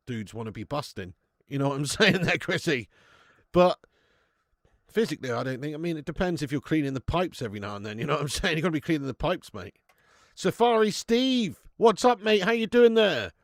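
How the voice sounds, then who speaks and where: A man's voice: medium pitch, no room sound, clean studio sound. Slangy man hosting a live stream. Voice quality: slangy, jokey banter with frequent laughs. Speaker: football watch-along host. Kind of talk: live stream commentary and chat.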